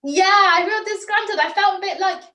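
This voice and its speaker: A woman, a theatre director leading an online acting workshop, talking in a lively, demonstrative way. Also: very high voice, fairly quick. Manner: lively, demonstrative, laughs often. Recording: echoey room, mic at a distance.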